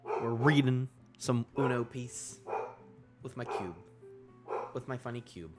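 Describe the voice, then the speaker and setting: A man live-streaming a manga reaction, excitable, repeating himself and drifting into tangents. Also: mid-range voice, slow pace, over loud music.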